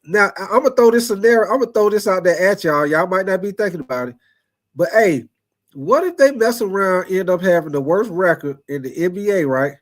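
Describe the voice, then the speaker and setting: A man hosting a sports livestream in casual chat, reading super chats and answering viewers by name, animated and repetitive, laughing often. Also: high voice, a little fast. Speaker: sports talk livestream host.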